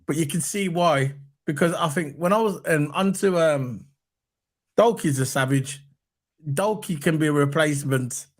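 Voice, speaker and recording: A man hosting a casual football fan chat, animated and repeating his points for emphasis. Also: on the high side, moderate pace. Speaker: football podcast host.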